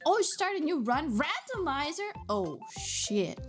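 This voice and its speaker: Bubbly high-voiced woman streamer. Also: sing-song, a little slow, hardly any pauses, faint music behind. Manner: bubbly, giggly, chatty with chat. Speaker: livestreamer. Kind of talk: casual livestream chat.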